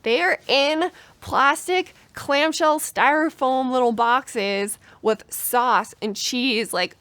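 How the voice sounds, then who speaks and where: A young woman from the United States telling a cycling story in a chatty, animated way, full of "like". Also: on the high side, no room sound. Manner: chatty, animated, heavy use of "like". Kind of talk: casual storytelling.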